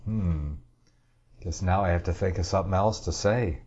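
A man with a low, husky voice hosts a talk show and reads the news in a rambling, offhand way. He drops sarcastic asides as he goes. The audio is dull and lo-fi. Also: normal speed, a little mellow. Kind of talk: casual news commentary.

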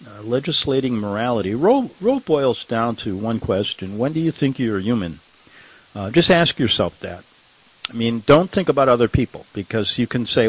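A man's voice: medium pitch, big pitch swings, moderate pace, slightly rough, low-quality recording. An older man hosting a talk radio show, rambling and sarcastic, chuckling at his own remarks and fighting a slight cough. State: has a cough.

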